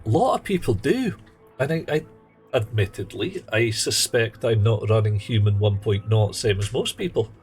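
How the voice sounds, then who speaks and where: A man's voice: lowish voice, low-quality recording. A man giving casual, rambling commentary while streaming a game, wry and full of playful asides. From England. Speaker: livestreamer.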